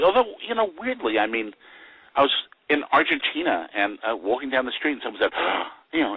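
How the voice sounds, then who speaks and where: A man's voice: fairly low pitch, slightly rough, no room sound, narrow, tinny audio. An older man, a guest actor, telling chuckling anecdotes in a casual interview. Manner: chuckling storyteller with lively voices for quoted people.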